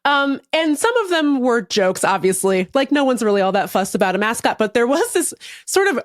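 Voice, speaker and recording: A woman co-hosting a podcast, chatting casually in a wry, deadpan way with some swearing. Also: a little high, brisk, no room sound, studio quality. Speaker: podcast co-host.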